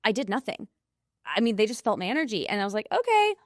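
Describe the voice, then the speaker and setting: A woman guest, an intuitive coach, telling a personal story in an interview, animated and acting out the people she quotes. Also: mid-range voice, quick pace, no echo, studio quality.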